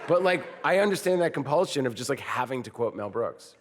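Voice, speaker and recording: A man in his fifties, a film director and actor, talking on stage at a live podcast taping and telling lively stories that break into quoted movie lines. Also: mid-range voice, fairly quick. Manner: animated storyteller who bursts into quoted movie lines. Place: on stage at a film festival before an audience. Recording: long hall reverb.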